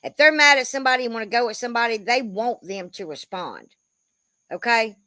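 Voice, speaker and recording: A woman in her fifties rants in a loose, rambling way, swearing freely and tossing in "bro." Her voice is bright and forceful, sitting a little high for a woman, and the recording is close and dry. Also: a little fast, no echo. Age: 50s. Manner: blunt, profane, rambling, says "bro" a lot. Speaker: commentary creator. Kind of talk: casual commentary rant.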